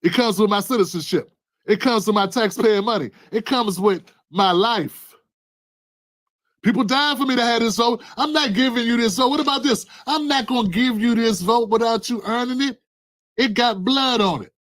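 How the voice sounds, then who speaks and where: A man giving impassioned political commentary, preachy and emphatic, rising to shouts. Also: very high-pitched, moderate pace, no echo.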